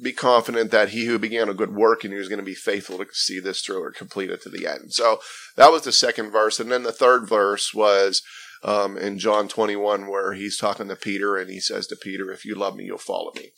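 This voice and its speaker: Earnest man with a bright, forceful voice. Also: fairly low pitch, fairly even intonation, a little fast, creaky. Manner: earnest and emphatic, often restarting phrases. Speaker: guest sharing his testimony. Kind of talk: personal faith testimony in conversation.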